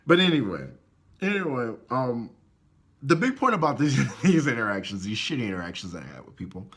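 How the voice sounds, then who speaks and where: A man telling a story in a casual vlog, swearing often and talking in an animated way. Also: mid-range voice, a little fast, husky. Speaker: vlogger.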